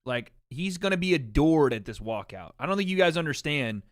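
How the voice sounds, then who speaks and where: A man's voice: a little high, expressive, brisk, no room sound, clean studio sound. A man hosting a livestream watch party in casual chat, brash and opinionated, swearing freely.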